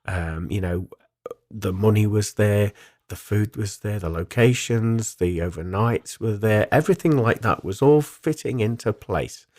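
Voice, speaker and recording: A man, a spiritual medium hosting a radio show, calmly recounts his travels in a reflective way with frequent ums. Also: on the low side, a little slow, dry recording, clean studio sound. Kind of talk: solo radio talk, personal storytelling.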